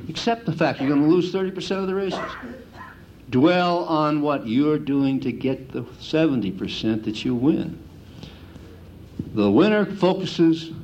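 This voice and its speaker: A middle-aged man giving a folksy lecture on handicapping to an audience, an animated storyteller who mimics the gamblers he talks about. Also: mid-range voice, lo-fi sound, slight background noise. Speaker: handicapping instructor.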